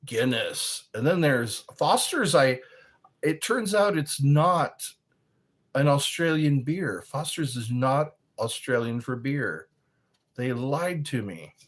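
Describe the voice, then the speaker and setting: Man, livestream host, very slow talker, lively up-and-down voice, reads chat aloud, playful asides. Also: medium pitch. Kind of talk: casual livestream chat, reading viewer comments aloud.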